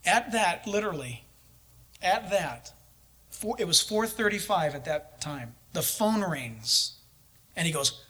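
A male preacher telling a lively personal story during a sermon, chuckling now and then. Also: sits high, slow.

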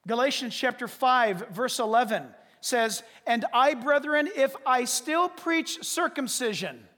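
High, lively preaching man in a reverberant hall. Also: unhurried. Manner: emphatic, swings between shouting and hushed asides, laughs. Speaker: pastor. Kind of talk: sermon. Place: church sanctuary.

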